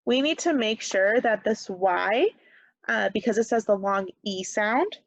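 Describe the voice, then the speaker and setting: A woman teaching second grade phonics over video, slow and patient, pausing for the children to answer, with a slight Upper Midwest American accent. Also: mid-range voice, animated, no room sound. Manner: slow, patient, encouraging, leaves pauses for answers. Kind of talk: remote phonics lesson. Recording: dull, dry lo-fi webcam sound.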